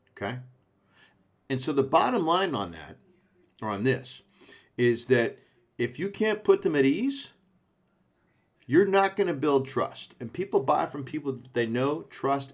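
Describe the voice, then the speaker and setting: A man coaching a sales team, speaking in short punchy phrases and checking in with the listener often. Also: medium pitch. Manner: punchy, coaching, frequent "okay?" check-ins. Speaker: sales trainer. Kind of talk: sales training talk.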